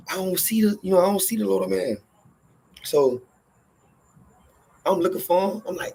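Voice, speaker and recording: A man telling a profane workplace story in casual storytelling style, animated and acting out every line of dialogue. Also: high voice, moderate pace, creaky, long pauses, husky.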